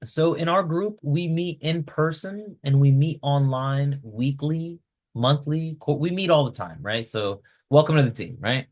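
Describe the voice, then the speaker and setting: A man coaching real estate investors in a casual, energetic style on a video call, checking in with "right?" all the time. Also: a little high, measured pace. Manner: energetic, chatty, keeps asking "right?".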